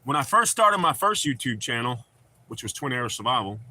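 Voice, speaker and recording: A man's voice: medium pitch, big pitch swings, brisk, bright, forceful tone. A man with a North Carolina accent hosting a casual livestream from home, rambling and joking with plenty of swearing. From not from North Carolina. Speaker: livestream host. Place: home with dogs.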